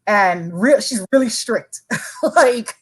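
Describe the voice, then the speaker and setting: A woman from Saint Croix, U.S. Virgin Islands, guests on a podcast, speaking slowly in a higher voice with lively intonation and a breathy edge. In casual chat she is earnest and encouraging, talking in long runs, though the recording is low quality.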